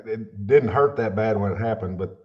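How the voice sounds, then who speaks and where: Low-voiced man on dull audio. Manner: lively, quick anecdote telling. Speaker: fishing livestream host. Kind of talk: casual livestream chat.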